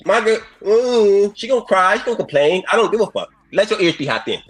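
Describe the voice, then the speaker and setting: Podcast panelist, male, husky voice, rapid-fire and profane, pitch jumping all over in a heated argument. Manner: profane, animated, talks over others.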